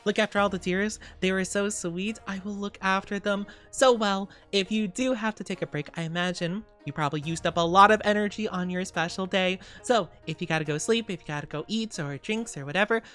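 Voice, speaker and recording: A woman's voice: mid-range voice, a little fast, few pauses, faint music behind. Bubbly streamer woman with cutesy slang. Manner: repeats warm well-wishes to chat. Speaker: streamer reading chat. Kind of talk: casual livestream chat.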